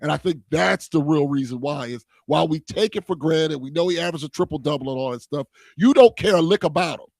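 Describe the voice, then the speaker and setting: Gravelly opinionated sports talk host. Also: male voice, a little high, fast, hardly any pauses, darkish tone, no room sound. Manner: opinionated, rambling analysis with restarts.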